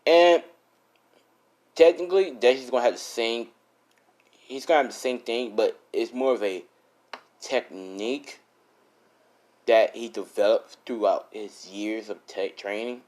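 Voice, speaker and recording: A man's voice: medium pitch, slow pace, pauses often, darkish tone. A young man casually improvising a fan story, rambling, swearing and correcting himself as he goes.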